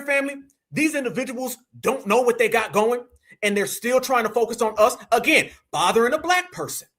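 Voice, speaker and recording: An American man hosting a live reaction stream, talking in a very high voice that swings widely. His tone is bright and sharp, and his delivery is incredulous, mocking and full of slang. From United States.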